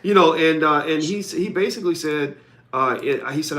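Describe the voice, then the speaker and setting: A man's voice: a little high, fairly quick, a bit bright. A man hosting a live podcast, talking conversationally and reading out viewer comments. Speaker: podcast host.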